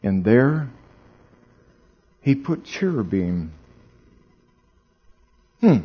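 A man preaching a sermon, swinging from hushed storytelling to loud, exclaiming emphasis, and asking the audience questions. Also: mid-range voice, sing-song, drawn-out words, husky, lo-fi sound.

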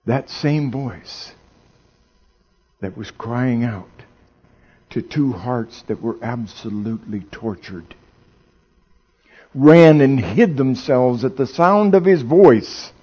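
A man preaching a sermon, swinging from hushed storytelling to loud, exclaiming emphasis, and asking the audience questions. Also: mid-range voice, expressive, takes it slowly, long pauses, breathy edge, muffled recording.

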